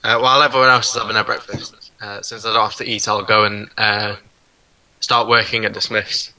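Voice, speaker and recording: Male player, very bright sharp tone, matter-of-fact. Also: fairly low pitch, little pitch movement, fairly quick, poor audio. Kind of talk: casual chat at a gaming table.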